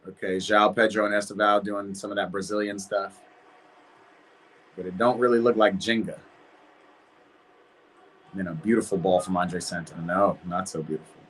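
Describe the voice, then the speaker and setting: A man's voice: deep voice, flat delivery, normal speed, pauses often, a bit bright, breathy edge. A young man hosting a football watch party stream, chatting casually and reacting to the match and his viewers. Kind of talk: casual live reaction chat.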